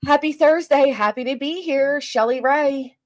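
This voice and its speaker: A woman with a South Jersey accent and a high voice hosts a laid-back livestream. She chats with viewers and reads their comments quickly, in a clipped, teasing, foul-mouthed style.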